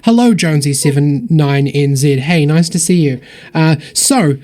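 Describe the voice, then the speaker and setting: A man's voice: fairly high pitch, normal speed, darkish tone. Upbeat man hosting a charity stream. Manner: upbeat, rambling, thankful. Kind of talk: casual livestream donation shout-outs.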